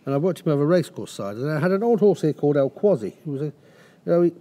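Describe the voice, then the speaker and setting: A man's voice: on the high side, lively intonation, very fast, mellow. A middle-aged man, a racehorse trainer, telling rambling anecdotes in a casual interview. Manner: rambling anecdotes with restarts and acted quotes.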